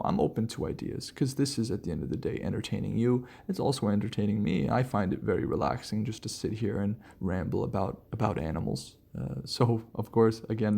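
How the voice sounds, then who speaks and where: A man hosting a relaxed solo podcast, rambling casually with lots of fillers and restarts. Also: lowish voice, gravelly, breathy edge. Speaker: podcast host.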